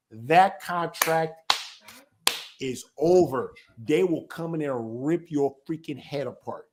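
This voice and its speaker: Male ministry elder with a high voice, informal and emphatic, teaches by asking rhetorical questions and answering them. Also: slow pace.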